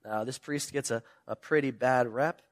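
A male pastor preaching a sermon, retelling a parable with animated storytelling and emphatic questions. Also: medium pitch, normal speed.

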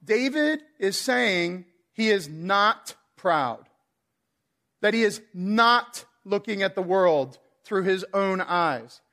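A man with a high voice preaches a casual sermon in a church. He rambles, pokes fun at himself and jokes with the congregation. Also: lively intonation, slow pace, sharp tone. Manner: rambling, self-deprecating, joking with the congregation. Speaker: guest preacher. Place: church sanctuary.

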